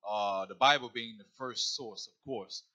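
Brief: male co-host, forceful bright voice, lecturing, reads passages aloud. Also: medium pitch, moderate pace. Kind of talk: religious radio talk show.

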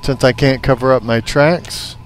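A man's voice: mid-range voice, steady tone, moderate pace, a little hiss or hum. A man commentating his own game playthrough with mock-romantic, teasing banter. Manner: mock-romantic, teasing, over-the-top endearments. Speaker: let's play gamer. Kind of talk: playful let's play commentary.

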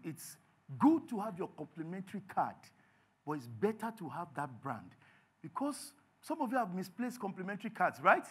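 Animated Nigerian pastor preaching. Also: male voice, fairly high pitch, husky. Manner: animated, acts out little scenes in others' voices. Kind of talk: sermon. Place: church.

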